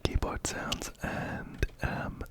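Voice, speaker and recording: A man whispering gently up close into a binaural mic as an ASMR host chatting through a game. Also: drawn-out words. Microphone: binaural ear-to-ear mic.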